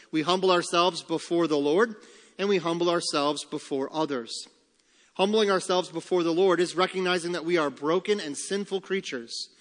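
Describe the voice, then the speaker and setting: A pastor preaching a sermon, who slows down and lifts his voice on the key phrases. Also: fairly high pitch, a bit bright. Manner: emphatic preaching, slowing and rising on key phrases. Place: church sanctuary. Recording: long church hall reverb.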